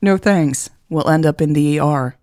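A woman's voice: deep voice, moderate pace, darkish tone, dry recording, close to an everyday voice. A woman reading as a dry, teasing woman doctor, an older sister in a storybook.

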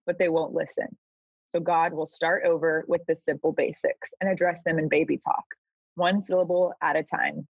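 A reader giving an expressive reading of a scripture paraphrase. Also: mid-range voice, normal speed, creaky, breathy edge, no echo. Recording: dull, lo-fi, dry sound.

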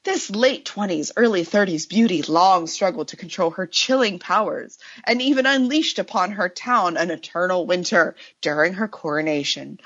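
A woman's voice: mid-range voice, a bit bright. A woman co-hosting a podcast, playful and teasing in casual chat. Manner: playful, teasing, reads with flair. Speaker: podcast co-host. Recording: dull lo-fi podcast audio.

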